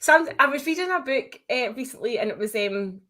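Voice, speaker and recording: A woman's voice: sits high, animated, brisk, sharp tone. A woman with a Glasgow accent, co-hosting a podcast in casual chat and laughing often. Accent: Glaswegian. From Scotland. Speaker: podcast co-host.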